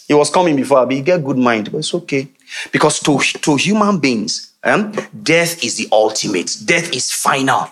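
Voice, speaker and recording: A fairly high-voiced man preaches, his pitch rising and falling widely. He quizzes his listeners and waits for them to answer. He laughs often and drifts into chatty asides. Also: normal speed. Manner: animated call-and-response with congregation. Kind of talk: sermon.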